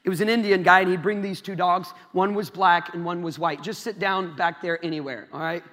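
A young adult from Iowa gives a sermon to youth in a large church hall, recorded with long reverb, telling stories and addressing the crowd head-on. His high-pitched voice is bright and forceful, brisk, with fairly even intonation.

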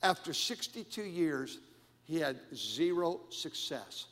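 A middle-aged man preaching a sermon as pastor, animated and emphatic with frequent repetitions, in a church sanctuary. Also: a little high, slow pace. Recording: long hall reverb.

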